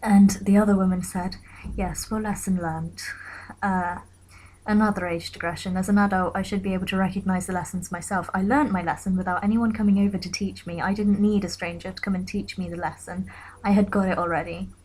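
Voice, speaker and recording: Young woman softly telling a personal story. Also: medium pitch, steady tone, a little fast, low-quality recording. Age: young adult. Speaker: vlogger.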